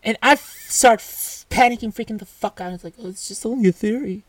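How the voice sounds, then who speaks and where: A woman telling a casual storytime rant, animated, swearing, full of restarts and asides. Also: fairly high pitch, fairly quick, no room sound.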